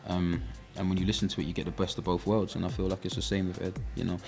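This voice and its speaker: A young man with a South London accent, a rapper being interviewed in relaxed casual chat, filling pauses with "you know". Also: sits low, vocal fry, soft background music. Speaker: rapper guest.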